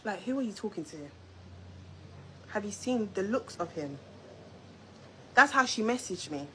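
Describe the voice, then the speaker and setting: A young woman telling a story on a live stream, talking straight to her viewers in a confrontational, animated way. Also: medium pitch, a little slow, a little hiss or hum, poor audio. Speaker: YouTube storyteller. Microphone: phone or webcam on a live stream.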